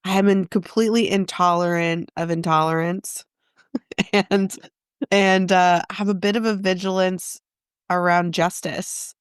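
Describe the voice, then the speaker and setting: A woman's voice: on the low side, fairly even intonation, a little slow, clean tone, no room sound, clean studio sound. A woman guest in an interview, a therapist, talking in a reflective, self-questioning way and laughing often. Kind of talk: casual interview conversation.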